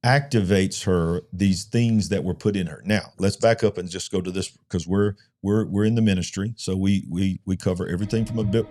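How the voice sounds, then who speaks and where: Warm, low-voiced man preaching a review. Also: steady tone, fairly quick, few pauses. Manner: emphatic, repeats words when starting sentences. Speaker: co-host of a Christian ministry show. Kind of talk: preaching-style film review chat.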